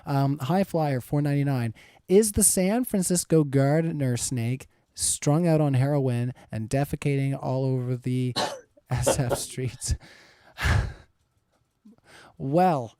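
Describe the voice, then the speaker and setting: A man's voice: mid-range voice, slow pace, mellow, clear, resonant tone, no room sound, clean studio sound. A man in his thirties moderating a live-streamed debate, reading viewer questions in an easygoing, rambling way. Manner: easygoing, rambling, chuckles often.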